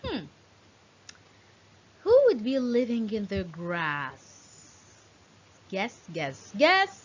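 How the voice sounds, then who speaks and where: Sing-song, animated woman teacher. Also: mid-range voice, drawn-out words, muffled recording, slight background noise. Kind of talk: children's lesson.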